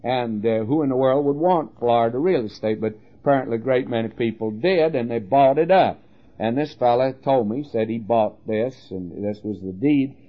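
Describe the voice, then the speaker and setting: An older man preaching on the radio, telling homely stories in a folksy way, pausing often with "uh". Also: mid-range voice, dull audio. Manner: folksy storytelling with frequent "uh" pauses. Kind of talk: radio sermon.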